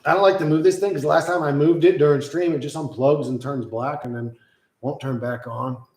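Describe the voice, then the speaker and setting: A man streaming live, chatting loosely with lots of swearing and cooing softly to his pet. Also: a little high, steady tone, fairly quick, roomy sound, rough recording. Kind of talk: casual live-stream chat.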